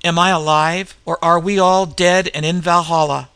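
Brief: a man doing a stunned barbarian warrior, gravelly and slightly raised. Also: fairly high pitch, flat delivery, normal speed, fairly bright tone. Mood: dazed. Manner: grim and dazed. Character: bold barbarian warrior man, dazed and half-frozen. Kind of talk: audiobook reading.

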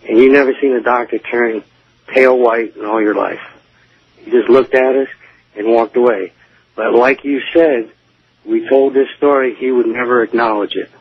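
A man's voice: mid-range voice, fairly even intonation, normal speed, breathy edge. A man calling in to a radio show, telling a story in a rambling way with many asides. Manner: rambling, lots of "you know" asides. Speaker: caller. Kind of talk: casual storytelling on a call-in show. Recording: tinny phone line.

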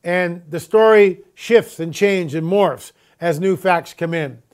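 A man hosting his own report, delivering an emphatic commentary monologue full of rhetorical questions and slowly stretched, repeated catchphrases. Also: high-pitched, a little mellow. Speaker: host of own video report.

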